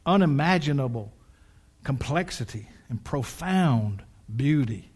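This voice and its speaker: An older male pastor preaching a sermon, swinging from quiet, drawn-out lines to loud, excited peaks, with folksy asides to the congregation. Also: fairly high pitch. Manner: dramatic swings from hushed to shouting, folksy asides.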